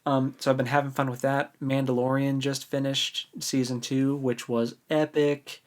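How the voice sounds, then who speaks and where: A man's voice: medium pitch, level tone, normal speed. A man co-hosting a book podcast in casual chat, easygoing, enthusiastic and joking. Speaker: podcast co-host.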